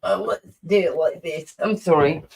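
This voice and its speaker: Low-voiced woman streamer teasing her guests. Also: moderate pace, vocal fry, darkish tone, slightly rough. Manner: teasing, swears casually. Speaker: streamer, host. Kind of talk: casual chat.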